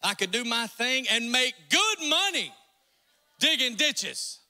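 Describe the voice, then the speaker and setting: A pastor with a north Georgia Southern accent preaching a folksy, joking sermon in a church sanctuary. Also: male voice, very high voice, sing-song, takes it slowly, pushed and bright. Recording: long reverb in a church hall.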